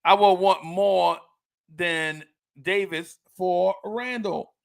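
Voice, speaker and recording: Slow, gravelly New Jersey man. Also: high-pitched. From Jersey City, New Jersey. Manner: laughs often, repeats himself, slangy and playful. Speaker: podcast host reading listener comments. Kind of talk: casual live podcast chat.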